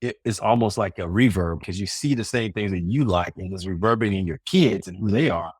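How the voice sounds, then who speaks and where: A man's voice: lowish voice, a little fast, slightly rough, dry recording, studio quality. A man co-hosting a podcast in casual chat, reflective and rambling, laughing often. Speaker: podcast co-host.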